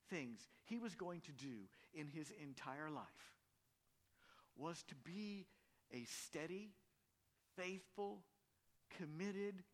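A middle-aged male pastor delivering a sermon as an earnest story. His voice sits a little high, with a bright, forceful edge.

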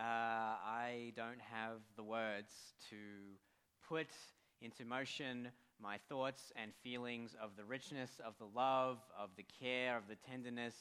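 A man with an accent preaching a heartfelt sermon, pausing with emotion and leading a prayer. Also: mid-range voice, sharp tone, smooth. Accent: non-American accent. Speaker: pastor.

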